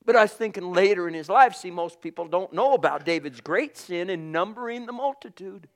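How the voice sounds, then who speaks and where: A man preaching a sermon with passion, swinging from loud calls to hushed asides. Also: high voice, animated, a little fast.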